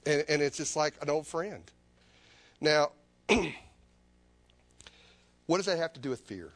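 A man's voice: fairly high pitch, animated, unhurried, no echo. A man preaching a sermon as a personal testimony, earnest and confessional, often repeating his phrases.

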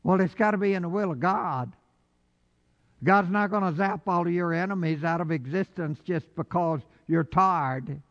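Male preacher, high voice, slow dramatic sermon, echoey lo-fi hall recording. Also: a bit bright. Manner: dramatic, talks directly to the congregation. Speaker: pastor. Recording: echoey hall, dull lo-fi sound.

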